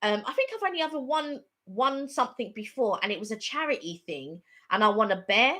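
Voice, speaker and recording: A woman chats casually on a live stream, telling a story that wanders and repeats itself. Her voice is bright and fairly high. Her pitch swings widely from phrase to phrase. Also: a little fast. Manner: rambling, repetitive, animated storytelling.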